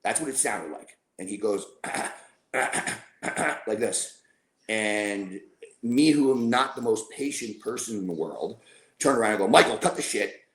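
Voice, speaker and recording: A man's voice: on the low side, lively intonation, a little slow. A man, a podcast guest, casually telling a long story, rambling with fillers and acting out what people said. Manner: rambling, with fillers and acted-out quotes. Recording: roomy, echoey room.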